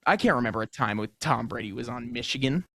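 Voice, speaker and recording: A young man co-hosting a local sports radio show, agreeable and casual, with halting restarts. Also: medium pitch, lively intonation, creaky, pushed and bright, no room sound.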